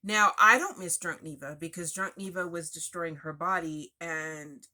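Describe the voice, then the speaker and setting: A woman's voice: fairly low pitch, moderate pace, pushed and bright. A woman frankly telling a personal story in a chatty, confessional way with asides. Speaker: vlogger sharing personal recovery story.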